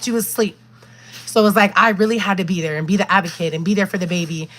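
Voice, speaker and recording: A woman's voice: mid-range voice, quick pace. A woman, a doula, earnestly telling her viewers a heartfelt birth story and often calling them "y'all". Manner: earnest, repeats "y'all", animated retelling. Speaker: doula and vlogger.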